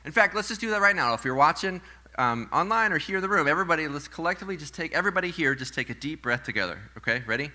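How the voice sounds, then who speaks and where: A man in his thirties preaching a sermon to a live congregation, conversational and storytelling, with playful asides and softer reflective moments. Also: a little high, lively intonation, very fast. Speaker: pastor. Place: church sanctuary with live congregation.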